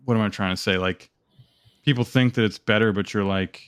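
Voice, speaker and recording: A young man with a very low voice rambles through casual podcast banter, swearing and piling on fillers. His voice sounds dry and close, with no room around it. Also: fairly even intonation, fairly quick, smooth, dry recording. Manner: rambling, profane storytelling with lots of fillers. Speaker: podcast co-host. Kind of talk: casual chat.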